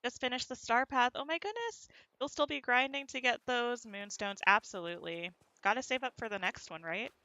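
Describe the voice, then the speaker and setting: A woman's voice: fairly high pitch, expressive, fairly quick, few pauses, bright, forceful tone, no room sound, lo-fi sound. A woman streamer with a neutral American accent, chatting casually while playing a game and answering her chat, her sentences often rising at the end. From United States. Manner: rising inflection at sentence ends.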